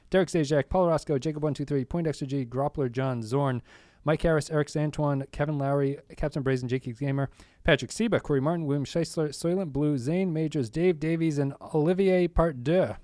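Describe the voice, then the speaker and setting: A man's voice: on the high side, fairly quick, darkish tone, no room sound, clean studio sound. A man who hosts a podcast, chatting in an easygoing, talkative way and reading out a long list of supporter names. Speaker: podcast host, guest. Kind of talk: casual chat and sponsor thank-yous.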